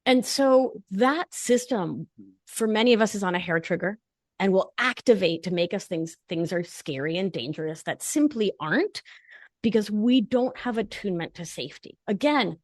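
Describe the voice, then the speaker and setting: Lively, animated woman in a dry podcast recording. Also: medium pitch, moderate pace, no room sound. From not from Long Island. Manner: animated, playful, emphatic explaining. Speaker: guest, nurse practitioner and life coach. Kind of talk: conversational podcast interview.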